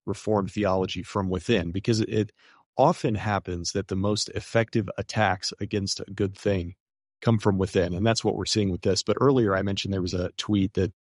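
A man's voice: low voice, steady tone, normal speed, a little mellow, no echo, clean studio sound. A man appearing as a guest on a talk show, speaking earnestly and casually, often hedging with "kind of".

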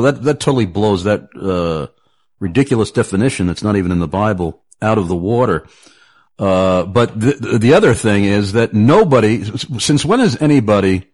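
Deep-voiced male radio talk host. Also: a little mellow. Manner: chatty, repeats words, laughs easily. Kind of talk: casual radio talk show conversation.

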